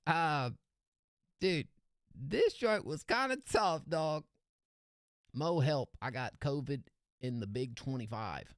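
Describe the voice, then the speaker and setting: A young man hosting a live-stream song review, excitable and slangy, laughing often as he reacts. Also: fairly high pitch, slow, long pauses, no room sound, clean studio sound.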